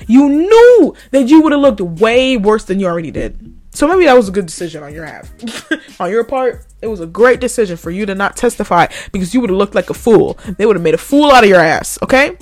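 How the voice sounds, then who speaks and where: A woman's voice: a little high, expressive, moderate pace, darkish tone, soft background music. A woman hosting a podcast, ranting in a profane, mocking way and laughing often. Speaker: podcast host. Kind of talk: ranting commentary.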